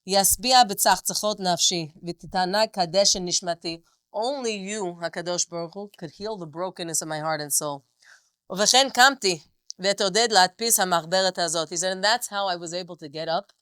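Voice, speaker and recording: A woman's voice: fairly low pitch, a bit bright, clear, resonant tone, no echo. A woman teaching a text study class, reading passages aloud with feeling and then explaining them.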